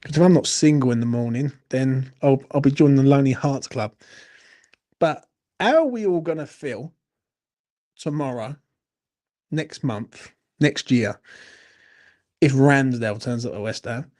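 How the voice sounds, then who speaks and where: A fan channel host runs a late-night live Q&A chat, tipsy and ranting, swearing between bouts of laughing banter. He has a medium-pitched, darkish voice and a measured pace with frequent pauses.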